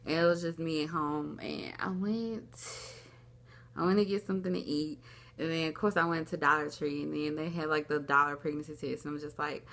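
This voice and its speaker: Gravelly-voiced young woman telling a story. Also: deep voice, a bit bright. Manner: rambling, lots of "like", acts out quoted dialogue. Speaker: vlogger. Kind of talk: casual storytelling to camera. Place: at home, indoors.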